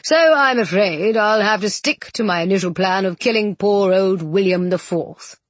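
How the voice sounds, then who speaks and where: A scheming nobleman sneers out slow, cold threats, as a woman narrator puts him on. The voice sits a little low with a husky grain. The read is close and dry. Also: no room sound, natural voice. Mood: menacing.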